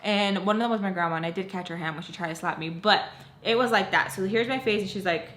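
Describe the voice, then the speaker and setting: A woman's voice: medium pitch, fast, a bit bright, a little hiss or hum. A woman vlogger telling a dramatic story, rambling and emotional, filling her talk with "like". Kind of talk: storytime vlog. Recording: echoey room.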